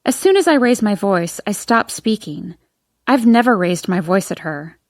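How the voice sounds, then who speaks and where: A woman's voice: medium pitch, animated, normal speed, no echo, clean studio sound. Woman narrating a first-person audiobook.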